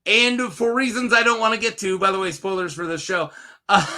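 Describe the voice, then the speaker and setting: A young man with a high, bright voice talks through a TV episode in a loose, rambling solo review. He jokes constantly and laughs often at his own asides. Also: little pitch movement, normal speed. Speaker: show reviewer. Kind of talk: casual solo review chat.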